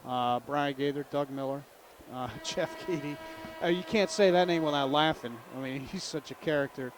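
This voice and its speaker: A man calling a local high school basketball game in a chatty play-by-play style, with faint noise behind him. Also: fairly quick. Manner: chatty, jokey, calls the plays. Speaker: play-by-play announcer. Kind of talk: local sports commentary.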